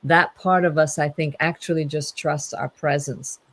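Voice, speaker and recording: A woman's voice: low voice, steady tone, moderate pace. A woman in casual conversation, playful and teasing, laughing often.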